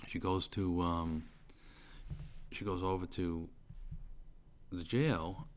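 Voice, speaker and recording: A man's voice: low voice, fairly even intonation, slow pace. A middle-aged man, telling a personal story in casual, rambling speech full of fillers and restarts. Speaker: storyteller recounting his sentencing. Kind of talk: casual spoken testimony. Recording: faint background noise.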